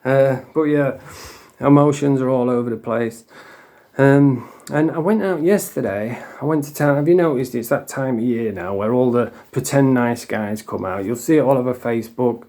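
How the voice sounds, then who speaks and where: Speaking at a moderate pace with a mellow, medium-pitched voice, this Northern English man tells a rambling, emotional story in a casual vlog. He swears a lot, keeps saying "you know what I mean," and is coming off drugs.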